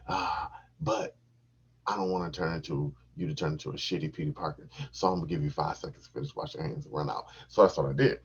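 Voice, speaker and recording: A man hosting a podcast, telling a crude, profane comic story in an animated, repetitive way with a husky voice on a dull, lo-fi recording. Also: rumbling low, fast talker. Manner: animated, crude, repeats himself for laughs.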